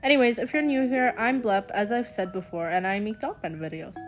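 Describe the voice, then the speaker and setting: A young woman giving a chatty, casual voice-over commentary with quick sarcastic asides. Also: medium pitch, faint music behind. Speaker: commentary vlogger.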